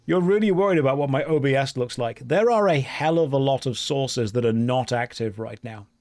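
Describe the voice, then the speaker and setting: A man live-streaming an online game, chatting casually with his viewers and joking in a deadpan way while reading their messages aloud. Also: mid-range voice, fairly quick, no echo, studio quality.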